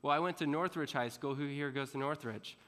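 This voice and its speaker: A man giving a motivational talk to students, animated as he tells a story, often asking the audience questions and laughing. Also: on the high side, fairly quick, noisy background. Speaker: motivational speaker. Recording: long reverb in a large hall.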